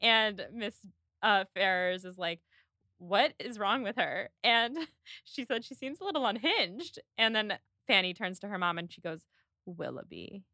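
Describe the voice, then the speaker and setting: A woman podcast host recaps scenes in a loose, chatty way, filling her sentences with "like". Her voice is bright and forward. The sound is dry and close, with no room around it. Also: medium pitch, no room sound. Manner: chatty, animated retelling with lots of "like". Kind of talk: casual chat recapping a film.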